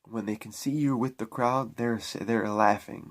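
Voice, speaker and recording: A man's voice: lowish voice, fairly even intonation, normal speed, hardly any pauses. A man talking to camera in a spiritual vlog, preaching in a repetitive, emphatic way with frequent restarts. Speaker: spiritual vlogger.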